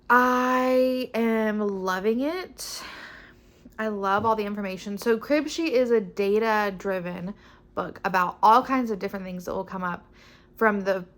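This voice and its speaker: A young woman chatting casually about her books, upbeat and rambling, often restarting her sentences. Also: medium pitch. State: pregnant. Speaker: book vlogger. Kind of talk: casual chat.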